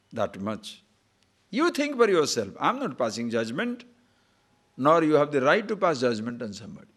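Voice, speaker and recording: An older man delivers a spiritual discourse in a voice of middle pitch. He talks in an animated way, full of rhetorical questions and small chuckles. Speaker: spiritual teacher.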